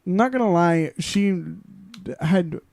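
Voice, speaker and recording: A young man co-hosting a casual chat podcast, speaking in a hesitant, halting way. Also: high-pitched, a little mellow, no room sound. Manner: hesitant, halting, many restarts. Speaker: podcast co-host.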